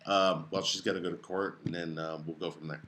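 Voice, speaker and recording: Man co-host, very low pitch, bright, plainspoken, casual, interjects. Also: flat delivery, a little fast. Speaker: podcast co-host. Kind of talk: casual conversation.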